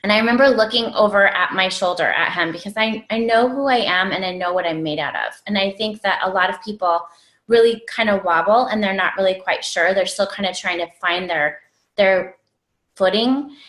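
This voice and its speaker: A woman's voice: medium pitch, moderate pace, a bit bright. Chatty woman telling her story, echoey room. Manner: chatty, gritty storyteller with many fillers. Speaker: guest. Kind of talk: personal story in an interview.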